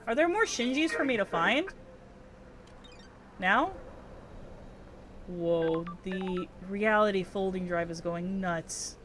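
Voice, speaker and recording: A woman's voice: medium pitch, animated, takes it slowly, pauses often, fairly bright tone, slight background noise. Playful, swearing woman streaming a game. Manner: playful, swears casually, reads dialogue aloud. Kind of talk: casual chat while playing a video game. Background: game music.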